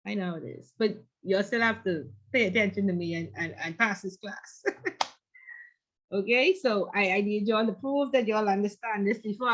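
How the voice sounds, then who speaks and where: A woman's voice: mid-range voice, a bit bright. A woman instructor teaching an online class, chatty and teasing, telling stories between questions to her students. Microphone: video call. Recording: dull lo-fi video call audio.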